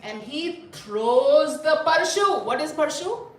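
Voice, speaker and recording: A woman telling a story to a group of children, animated and full of questions to her listeners, heard in an echoey room away from the mic. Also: sits high, slow, far from the mic. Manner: animated, asks the audience questions. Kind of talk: live storytelling class.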